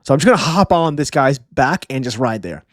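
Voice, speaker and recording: A man's voice: mid-range voice, lively intonation, brisk, no echo, clean studio sound, natural voice. A man voicing a terse, cool male swordsman.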